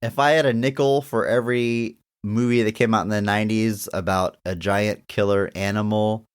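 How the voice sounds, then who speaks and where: A young man with a lowish voice co-hosts a casual movie podcast. He talks eagerly and loosely, circling back on his words as he goes. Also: fairly even intonation, moderate pace, smooth. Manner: enthusiastic, rambling with restarts. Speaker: podcast co-host. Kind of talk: casual movie review chat.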